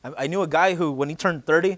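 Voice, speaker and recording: Late-20s male pastor, a bit high-voiced, chatty sermon with bursts of urgency. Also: fast, noisy background. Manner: conversational, joking, shifts into loud urgent emphasis.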